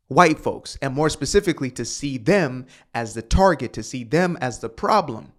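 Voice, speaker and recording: A man's voice: on the high side, expressive, moderate pace, few pauses, a bit bright. A man hosting a commentary monologue, talking emphatically, sighing and repeating his points for force. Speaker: host.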